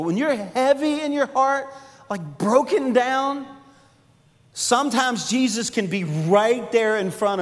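High-voiced preaching man in a reverberant hall. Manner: expressive preaching with sudden swings from loud to hushed. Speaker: pastor. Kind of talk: sermon.

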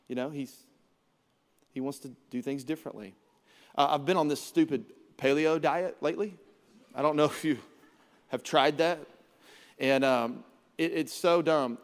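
Male pastor, joking sermon delivery, slightly high voice, long church reverb. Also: normal speed, long pauses. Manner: humorous, conversational preaching with self-deprecating asides.

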